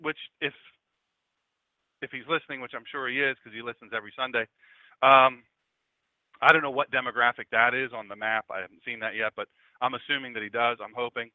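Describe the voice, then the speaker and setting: A man's voice: mid-range voice, moderate pace, pauses often, dry recording. A man in his fifties from Delaware, a pastor preaching a conversational radio sermon with chatty, joking asides to his audience. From Delaware, USA. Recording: dry, tinny phone-like sound.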